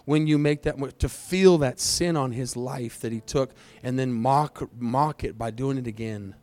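A male pastor leading a fervent prayer and altar call in a church service, swinging between loud pleading and hushed, quiet stretches. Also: medium pitch, measured pace, dry recording. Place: church sanctuary, also streamed online.

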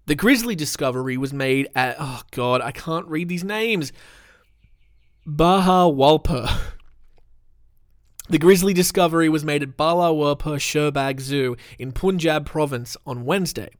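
This is a man hosting a casual podcast, swinging between rambling chat full of ums and plain reading of news. His voice sits somewhat high for a man. The sound is dry and close, recorded in a room at home. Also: moderate pace, few pauses, no room sound. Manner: rambling, sweary, self-deprecating, with many ums. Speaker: podcast host. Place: room at home with the window open.

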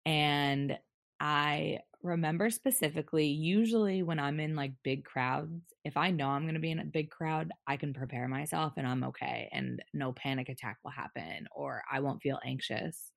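A young adult woman telling a personal story as a podcast guest, candid and halting, with many restarts. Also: low-pitched, vocal fry, dry recording, studio quality.

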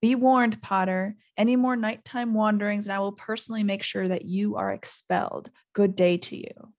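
A woman reading the lines of a cold, sneering male schoolmaster in a slow, smooth, menacing way. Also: medium pitch, fairly even intonation, darkish tone, close to an everyday voice. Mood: smooth menace.

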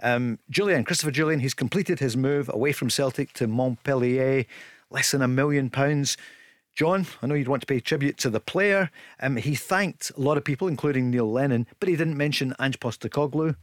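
A man hosting a radio football show, casual and jokey with brisk links. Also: mid-range voice, no room sound, studio quality. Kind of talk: casual radio sports chat. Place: radio studio.

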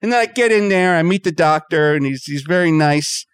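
A man's voice: a little high, expressive, fairly quick, clear, resonant tone, no room sound. A man telling a comic story as a podcast guest, acting out other people's voices. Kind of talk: comedic storytelling.

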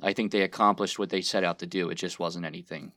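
A man with a deep, low voice talks loosely and at length, filling his thoughts with ums and you-knows. The sound is dry and close, with no room around it. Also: fairly even intonation, fast talker, fairly bright tone, no echo. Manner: rambling, thinking aloud with fillers. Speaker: podcast co-host, movie reviewer. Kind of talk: casual chat.

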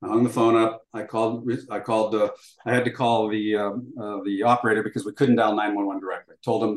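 An older man with a fairly low voice tells a story to an interviewer. He acts out bits of dialogue and leans on fillers as he goes. His voice rings in a noticeably roomy space. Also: level tone, fast talker. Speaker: interview guest. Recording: roomy echo.

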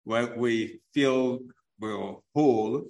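A man's voice: mid-range voice, drawn-out words, gravelly, darkish tone. A man hosting a podcast interview, speaking earnestly and supportively. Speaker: podcast host.

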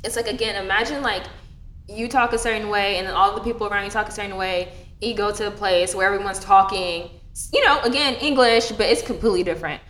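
A young woman in casual chat, animated and swearing freely, with many fillers. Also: mid-range voice, fast talker, a little hiss or hum. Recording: echoey room.

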